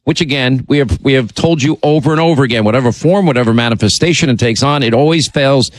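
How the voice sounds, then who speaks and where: A man's voice: mid-range voice, fast talker. Combative man hosting political talk. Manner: combative, sarcastic, many restarts and asides. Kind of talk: monologue commentary.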